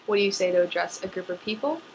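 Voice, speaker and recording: Young American woman, chatty and rambling vlogger, casual and self-mocking, medium pitch, faint background noise. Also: lively intonation, fast, a little mellow, rough recording. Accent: General American. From North America. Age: young adult. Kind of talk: casual voice meme vlog.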